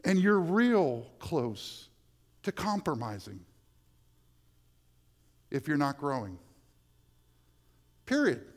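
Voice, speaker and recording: A man preaching a sermon as pastor, swinging from hushed, slow lines to loud, emphatic ones. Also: a little high, sing-song.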